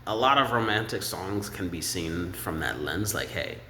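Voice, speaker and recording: Speaking at normal speed with an expressive, pushed and bright tone, a man rambles and thinks aloud as he casually picks apart song lyrics, sometimes breaking into falsetto snippets. There's a little hiss or hum, plus echo and faint ambience from the room.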